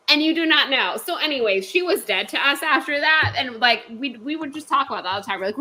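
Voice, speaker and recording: A woman's voice: sits high, animated, fast talker, hardly any pauses, sharp tone, a little hiss or hum, poor audio. A woman in her thirties telling a work story in casual, profane, ranting chat as a podcast co-host.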